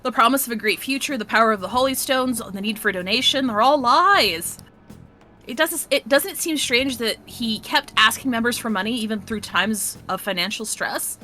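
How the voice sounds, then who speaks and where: A woman's voice: on the high side, normal speed, pushed and bright, faint music behind. A woman reading aloud as a remorseful young woman who has left a cult, in an earnest, plain reading of game dialogue. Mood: urgent.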